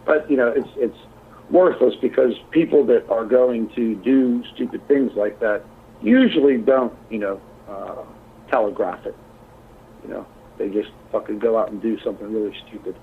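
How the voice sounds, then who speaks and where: A man's voice: fairly low pitch, moderate pace, slight background noise. A man on a group internet call chatting bluntly, swearing constantly. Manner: blunt and heavily profane. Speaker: channel owner on a group call. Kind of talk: heated casual call chat. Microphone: computer mic on a video call. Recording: tinny internet call audio.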